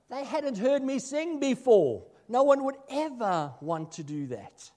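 A man preaching a sermon as a minister, telling self-deprecating stories that swing between loud asides and hushed remarks. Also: very high voice, very animated, measured pace, few pauses. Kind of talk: sermon with personal anecdotes.

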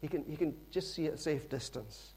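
Animated storytelling preacher man. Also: a little high, normal speed, slightly rough. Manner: lively storytelling, acts out characters, conversational asides. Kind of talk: sermon.

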